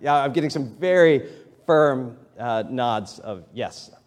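In a church sanctuary, a pastor in his thirties preaches slowly in an expressive, medium-pitched voice. His conversational sermon builds to emphatic, rising lines, with a long hall reverb filling the recording.

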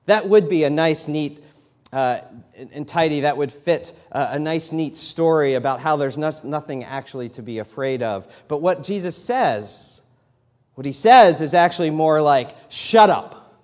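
A man's voice: on the high side, animated, normal speed, a little mellow. A man in his thirties delivers a sermon in a slightly raised voice, easy and conversational but pushing up for emphasis. The sound carries the long reverb of a church hall. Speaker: pastor. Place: church sanctuary.

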